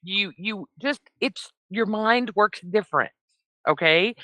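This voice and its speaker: Patient woman with a bright, dry voice. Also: mid-range voice, slow, no room sound, low-quality recording. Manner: calm, patient, coaxing. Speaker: mediating friend on stream. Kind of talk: live stream group call.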